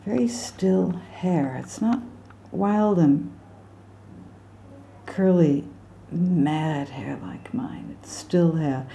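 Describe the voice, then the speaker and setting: A woman's voice: on the low side, dark tone, a little hiss or hum. An American woman teaching song lyrics with drawings, chatty and poking fun at her own slips. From United States. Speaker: singing and diction teacher.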